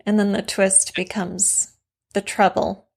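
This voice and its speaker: A woman's voice: medium pitch, flat delivery, unhurried, vocal fry. A woman co-hosting a writing podcast, talking casually and thoughtfully about story craft. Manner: conversational, reflective, warm affirmations.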